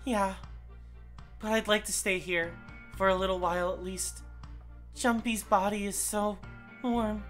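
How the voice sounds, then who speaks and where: A woman voicing a terrified young woman in a video game, screaming and pleading in a high, shrill voice. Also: fairly even intonation, measured pace, long pauses, faint music behind, close to an everyday voice. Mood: soft, tearful. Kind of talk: video game voice-over reading.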